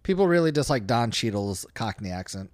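A man's voice: mid-range voice, very animated, fairly quick, darkish tone, no room sound, studio quality. A man co-hosting a casual movie podcast with wry, jokey banter. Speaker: podcast co-host.

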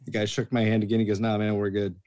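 A man's voice: lowish voice, quick pace. A man chatting casually, telling bartending stories and acting out the voices of the people in them. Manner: animated storyteller, acts out quoted voices. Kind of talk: casual storytelling chat.

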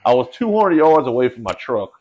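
Man, casual podcast chat, animated slangy storytelling, middle pitch. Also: fairly quick. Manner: animated storyteller, slangy, says bro and dude. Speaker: podcast guest telling a hunting story.

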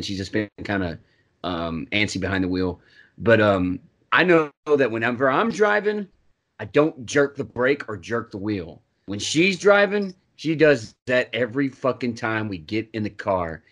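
A man co-hosting a podcast, chatting casually with a friend. His voice is bright and forceful. He tells stories with laughter and loud reenacted shouts, and he swears freely. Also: lowish voice, expressive, normal speed. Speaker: podcast co-host. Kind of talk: casual chat.

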